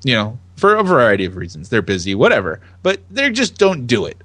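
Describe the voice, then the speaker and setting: A man co-hosting a casual chat podcast, animated and laughing often as he reads tweets aloud in voices. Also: mid-range voice, a little fast, no room sound. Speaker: podcast co-host.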